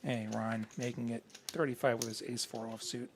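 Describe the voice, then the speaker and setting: Male play-by-play commentator for a poker stream, easygoing and conversational, mid-pitched voice. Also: moderate pace, a little hiss or hum. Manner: relaxed, chatty, corrects himself on air.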